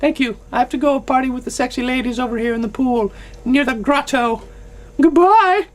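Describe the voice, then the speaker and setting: Woman vlogger, high pitch, sarcastic opinionated rant, lively delivery. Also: a little fast. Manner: sarcastic, animated, mock voices.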